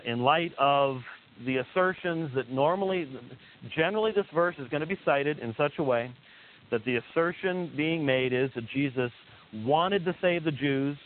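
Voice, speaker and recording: A male theology lecturer speaking in a moderate voice, pressing his points hard and pausing often on filler sounds. The sound is thin and phone-like, with a faint hiss running underneath. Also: mid-range voice. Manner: emphatic, frequent filler hesitations, repeats key points. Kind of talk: teaching lecture. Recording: tinny lo-fi recording with faint hiss.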